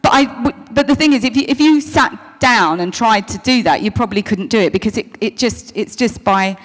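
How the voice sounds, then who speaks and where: A woman's voice: fairly high pitch, fairly quick, faint music behind. Chatty woman in a reverberant hall. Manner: chatty, self-interrupting, calls people darling. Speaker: guest answering fan questions. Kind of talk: convention Q&A. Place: convention hall stage.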